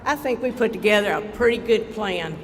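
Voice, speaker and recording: A state legislator with an Eastern Kentucky accent giving a heartfelt, folksy dedication speech to a crowd at an outdoor ceremony. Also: male voice, high-pitched, fairly quick. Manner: folksy, heartfelt, rising to rallying cries. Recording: reverberant PA with crowd and background noise.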